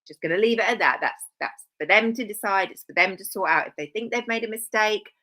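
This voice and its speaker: A woman's voice: mid-range voice, a little fast, pushed and bright. A woman of fifty hosting a live video, talking in a sarcastic, mocking way with teasing asides. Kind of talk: sarcastic casual commentary.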